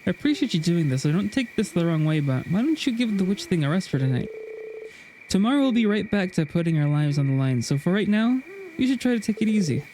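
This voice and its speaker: A man's voice: high voice, big pitch swings, quick pace, warm tone, a little hiss or hum, rough recording. An earnest, kind young male student who talks in a reassuring, caring way, as a man reads him from a game. The voice stays close to an everyday speaking voice. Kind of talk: reading game dialogue aloud.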